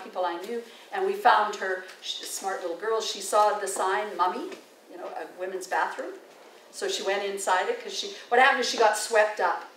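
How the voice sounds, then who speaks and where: An older woman with a Canadian accent giving a chatty, digressive presentation as a risk manager, telling stories with many fillers and restarts. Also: mid-range voice. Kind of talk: informal presentation with anecdotes. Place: large meeting room. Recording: echoey room, distant mic, faint noise.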